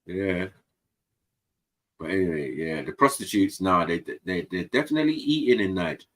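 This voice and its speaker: As a guest on a panel stream, a man from England chats casually, bringing his stories to life by acting out the voices of those involved. He speaks in a low voice at a moderate pace.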